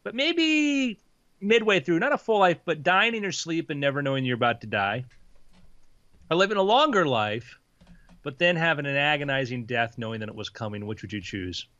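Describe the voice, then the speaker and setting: Man voicing a quiet, rambling millionaire with a taste for morbid hypotheticals, muffled dry audio. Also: fairly high pitch, moderate pace, dry recording. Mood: probing. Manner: calm, offhand, rambling. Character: secretive, eccentric rich man with dark hypotheticals.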